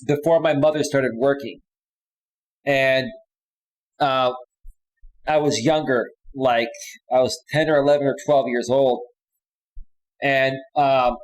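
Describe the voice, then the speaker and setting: A man coaching on dating, talking casually on a live stream as he reads out chat comments and reacts to them, often tagging "right?" onto his points. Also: medium pitch. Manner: emphatic, repeats "right?" often.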